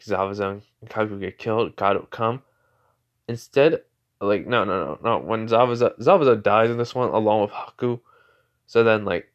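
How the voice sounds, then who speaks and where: A man's voice: fairly low pitch, muffled recording. A man casually making up a fan fiction story aloud, rambling with lots of "like" and "you know" and often correcting himself.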